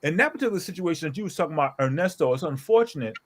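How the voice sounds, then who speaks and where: A middle-aged pastor tells a story in a relaxed group conversation, his slightly high voice swinging widely up and down. He talks with animated emphasis and keeps punching his points with a quick "okay?" to his listeners. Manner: animated and emphatic, often tags lines with "okay?". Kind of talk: storytelling in a casual group talk.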